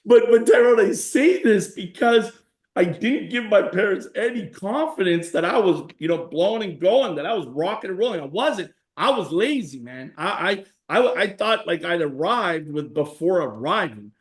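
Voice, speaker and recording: A man in his forties, appearing as a guest in a conversational interview, tells stories emphatically and acts out the voices of people he quotes. His voice sits high and is expressive, at a normal speed, with a roomy sound.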